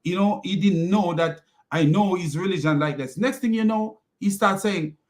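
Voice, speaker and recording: A man who works as an online commentator gives a mocking, heated, repetitive rant full of laughter in a casual style. His voice sits high, at normal speed with few pauses.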